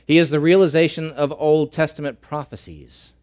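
A male pastor preaching a sermon, repeating key phrases and swinging between loud emphatic lines and slow, hushed ones. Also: on the high side.

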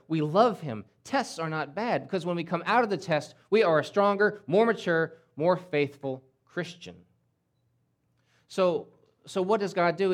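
A man preaching a sermon in an emphatic way, often repeating words and acting out quoted voices. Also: on the high side. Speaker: pastor.

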